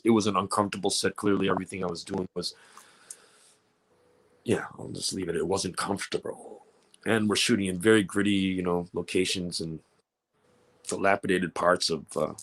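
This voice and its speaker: A man's voice: low voice, a bit bright. A man speaking as an actor on a panel, candid and joking, with frequent restarts. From Canada. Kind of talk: panel discussion.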